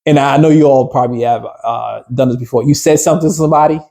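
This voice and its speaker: Husky-voiced man leading a workshop. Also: medium pitch, fast talker, mellow. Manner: conversational, rambling with fillers and restarts; asks the group questions. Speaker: business coach. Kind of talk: workshop talk to a small group.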